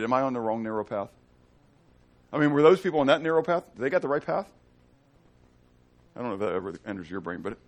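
A man teaching a conversational Bible study, with joking asides and questions to his class. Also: mid-range voice.

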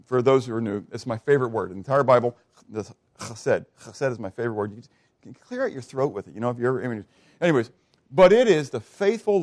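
A male pastor teaching a sermon in a conversational, animated way, constantly checking in with his listeners. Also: mid-range voice. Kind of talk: expository sermon.

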